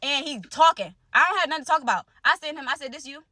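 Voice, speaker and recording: A young woman casually telling a personal story to camera, animated and conversational, jumping between loud exclaims and low asides. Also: fast talker, dry recording. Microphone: phone close to the face.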